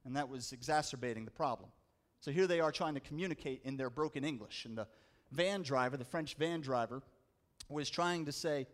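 A man preaching a sermon, telling a story with dramatic slowdowns and rising emphasis. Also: medium pitch. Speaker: pastor.

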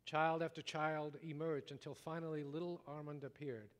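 A man preaching a sermon, telling a story dramatically, rising loud and dropping to a hush. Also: fairly high pitch, flat delivery, moderate pace. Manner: dramatic storytelling, wide swings from loud to hushed. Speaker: pastor. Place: church sanctuary. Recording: long reverb of a large hall.

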